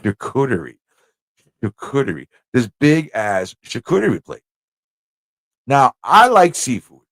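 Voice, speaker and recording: A man with a New York accent, a livestream host telling a story in a casual, animated way, acting out voices and laughing often. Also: medium pitch, measured pace, no room sound. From Corona, Queens, New York.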